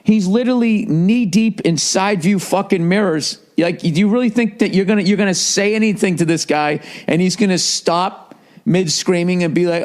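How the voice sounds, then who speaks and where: A man's voice: sits high, normal speed, a little mellow. A male comedian and podcast host telling a story in a casual monologue, profane, ranting and incredulous.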